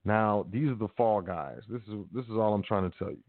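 A man's voice: on the low side, a little fast, dry recording. A man hosting a casual talk show, reading news aloud and commenting with sarcasm and loose slang. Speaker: podcast host. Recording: tinny phone-like line.

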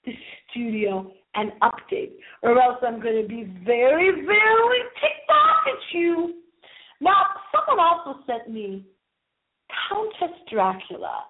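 A woman with a medium-pitched voice hosts a call-in internet radio show, campy and theatrical, teasing her listeners with swooping, drawn-out words. She's heard over a tinny phone line.

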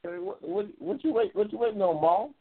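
A man hosting a casual live-stream chat, loose and excitable, repeating himself and reading viewer comments. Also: a little fast. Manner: loose, excitable, repeats himself, bursts into high-pitched race calling. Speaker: talk show host reading viewer comments. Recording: tinny phone-like lo-fi audio.

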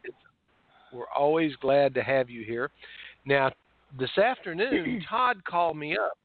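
A man hosts a casual talk radio show and often stumbles and restarts his sentences. His voice sits a little high. It sounds dry and tinny, as if over a phone. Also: a little slow, no echo. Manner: warm, repetitive, stumbling restarts. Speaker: host.

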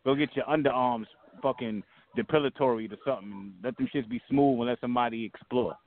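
A man's voice: medium pitch, fairly quick. A man co-hosting a casual talk show, blunt, crude and teasing. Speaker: co-host. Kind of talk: casual chat. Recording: tinny phone-like sound.

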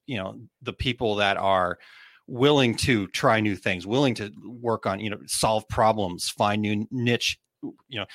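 A man's voice: fairly low pitch, fairly bright tone, no echo, clean studio sound. A man hosting a casual trade talk show, reading out listener comments and chatting loosely with plenty of fillers and restarts. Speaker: podcast host.

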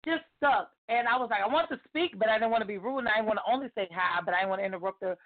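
A woman guest on a chat show, an excitable storyteller who laughs often, heard over a video call. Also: on the high side, racing. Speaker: guest author. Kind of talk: casual chat. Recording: phone-like call audio.

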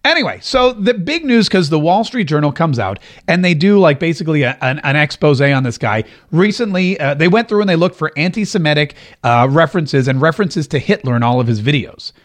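A middle-aged man hosting an opinion talk show, talking in an animated, rambling way and often repeating himself. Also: fairly high pitch, a little fast, hardly any pauses. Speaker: host.

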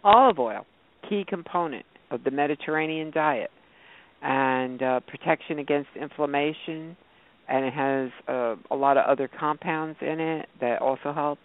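A man's voice: on the high side, normal speed. A man hosting a casual health talk show, rambling through food lists with many fillers and restarts. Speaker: host. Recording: phone-like narrow sound.

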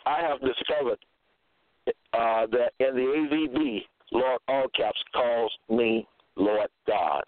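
A man giving a slow sermon, reading out scripture verses and checking in with "okay?". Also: medium pitch, no echo. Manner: reads verses slowly, repeats "okay?". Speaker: preacher. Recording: tinny phone-line sound.

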